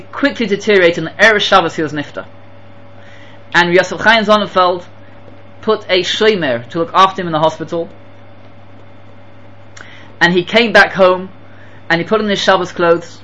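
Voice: mid-range voice, bright, forceful tone, lo-fi sound. A Torah teacher giving an impassioned sermon, telling stories and pressing rhetorical questions with emphatic repetition. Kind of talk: sermon with storytelling.

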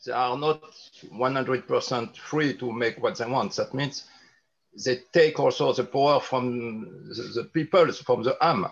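Gravelly man asking a halting question. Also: medium pitch, dull audio. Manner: halting, searching for words with many "uh"s. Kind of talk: hesitant question in class.

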